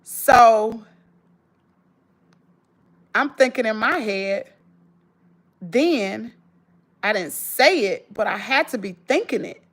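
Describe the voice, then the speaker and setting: A woman's voice: a little high, lively intonation, slow pace, long pauses. A woman with a Southern US accent, telling an emotional story straight to her viewers in an emphatic, rambling way, full of restarts. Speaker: vlogger.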